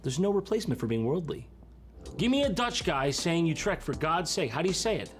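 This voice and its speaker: A woman's voice: lowish voice, sing-song, fairly quick, slight background noise. Sarcastic woman video commentator. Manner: sarcastic, jokey.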